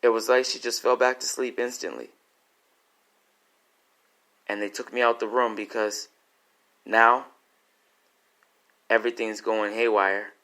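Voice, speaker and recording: A man's voice: fairly low pitch, flat delivery, a little slow, long pauses, pushed and bright. A man performing an emotional spoken-word story, intense and pleading.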